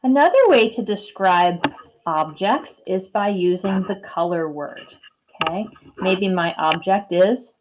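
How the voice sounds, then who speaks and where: Slow, sing-song kindergarten teacher woman. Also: medium pitch, noisy background. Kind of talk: video lesson for young children.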